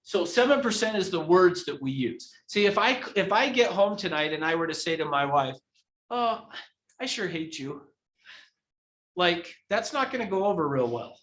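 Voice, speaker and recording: A man's voice: sits high, expressive, a little fast, hardly any pauses, a bit bright. A man teaching a live real estate training class who acts out examples as he explains them. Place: training room. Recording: echoey room.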